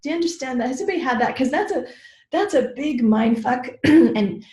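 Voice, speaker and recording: Speaking a little fast with lively intonation, a middle-aged woman whose voice sits high and a little mellow teaches a group over a training call. She's frank and chatty with mild swearing, peppering her talk with "like" and "right?", and the recording has a roomy echo.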